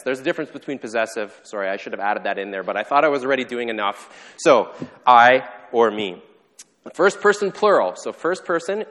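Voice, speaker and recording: A pastor giving a sermon in a conversational, self-deprecating way, with playful asides. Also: male voice, medium pitch, fairly bright tone. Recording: long reverb of a hall.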